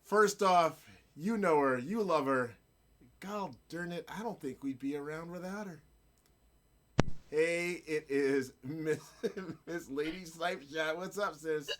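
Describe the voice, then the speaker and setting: A middle-aged man hosting a casual live-streamed gaming and photography show, playful and laughing, giving hyped shout-outs to his chat and guests. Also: fairly high pitch, slow pace, slight background noise.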